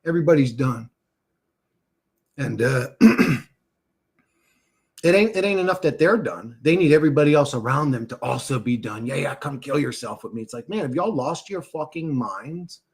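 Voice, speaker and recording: A man's voice: fairly high pitch, lively intonation, moderate pace, pauses often, darkish tone, husky. A man hosting a livestream, ranting and swearing as he answers chat comments. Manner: agitated, profane, talks back to chat comments. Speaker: livestream host reading chat. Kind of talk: casual livestream rant.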